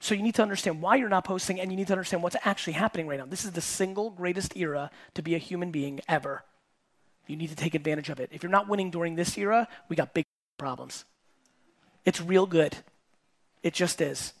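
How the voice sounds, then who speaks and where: A middle-aged man with a high voice speaks to a live audience. His delivery is blunt and punchy, and he swears casually and repeats key lines for emphasis. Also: fast. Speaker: entrepreneur and host. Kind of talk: keynote talk to a live audience.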